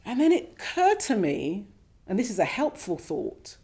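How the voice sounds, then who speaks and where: A woman telling a personal story at a meditation class, reflective and gently animated, sometimes acting out her own thoughts. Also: on the high side, normal speed. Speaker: speaker sharing her meditation experience. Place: meditation centre shrine room with a class.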